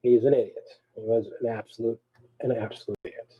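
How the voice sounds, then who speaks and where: A man co-hosting a live show, telling a story in a casual, animated way. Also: medium pitch, fairly quick, slightly rough, lo-fi sound. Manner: animated, swings between mutters and loud bursts. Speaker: co-host.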